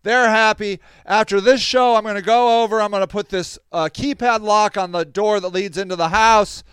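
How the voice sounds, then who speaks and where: A man's voice: high-pitched, moderate pace, smooth, dry recording, clean studio sound. A man hosting a podcast, telling stories in a casual monologue, acting out other people's lines and laughing often. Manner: animated, acts out quoted voices, laughs often. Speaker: podcast host.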